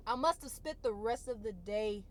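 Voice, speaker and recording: A woman vlogger giving an emotional personal testimony in a colloquial, expressive way, repeating phrases for emphasis and holding back tears. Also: on the high side, moderate pace, a little hiss or hum. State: tearful.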